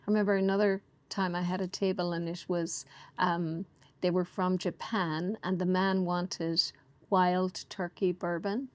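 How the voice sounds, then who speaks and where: A woman in her forties with an Irish accent, a guest telling lively stories about her past in a casual interview. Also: on the low side, unhurried. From Ireland. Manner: chatty, animated storyteller, laughs at herself. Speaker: guest, bakery owner.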